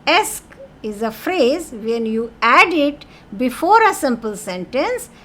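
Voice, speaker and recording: A woman's voice: sits high, sing-song, takes it slowly, fairly bright tone. A woman teaching a French lesson in English, explaining patiently and repeating key words with French phrases mixed in.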